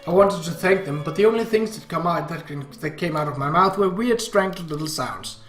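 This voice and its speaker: A man reading a visual novel aloud, narrating in a measured, earnest way. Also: fairly high pitch, a bit bright. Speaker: reader. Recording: roomy echo, faint guitar music.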